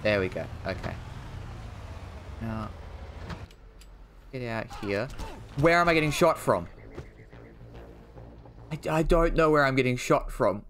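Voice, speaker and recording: His voice is medium-pitched, expressive, and fairly bright, moving slowly with frequent pauses amid slight background noise. A gaming streamer, he rambles through casual commentary, mocks himself, and yelps every so often at on-screen events.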